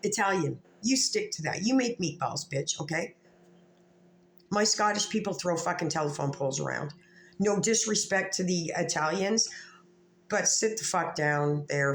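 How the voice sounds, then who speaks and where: A woman vlogger delivering a heated, profane, confrontational rant to camera in an echoey room. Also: low-pitched. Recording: echoey room with faint ambient noise.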